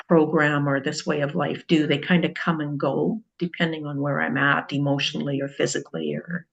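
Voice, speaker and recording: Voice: mid-range voice, creaky. A speaker reflecting on personal experience in casual conversation, often trailing off and restarting. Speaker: group member sharing experience. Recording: dull lo-fi sound.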